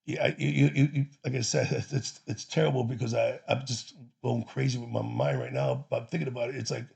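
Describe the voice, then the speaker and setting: Gravelly, raspy-voiced man telling stories. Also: mid-range voice, animated, a little fast, a little mellow. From Chicago, USA. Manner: rambling, profane, many restarts. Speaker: storyteller. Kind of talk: casual personal storytelling.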